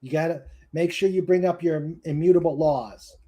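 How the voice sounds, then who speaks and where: A man's voice: a little high, warm tone. A man with a New England accent hosting a casual web show, telling jokes and laughing often. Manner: joking, unhurried, laughs often. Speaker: host.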